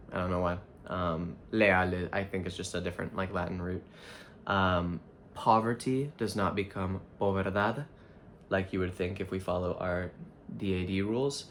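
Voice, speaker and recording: A man teaching Spanish vocabulary in a relaxed, thinking-aloud way, with frequent fillers and restarts. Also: deep voice, slight background noise. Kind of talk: casual explanatory lesson.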